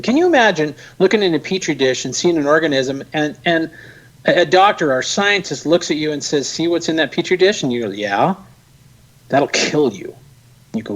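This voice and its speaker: A man speaking as a guest in a casual interview, animated, emphatic and sarcastic. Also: a little high, muffled recording.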